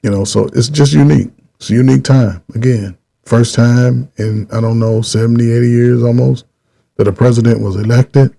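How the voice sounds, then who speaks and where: Middle-aged male host, husky and mellow, loose rambling commentary delivery. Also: medium pitch, fairly even intonation. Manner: rambling, repeats himself, drawn-out pauses. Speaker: channel host. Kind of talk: casual political commentary.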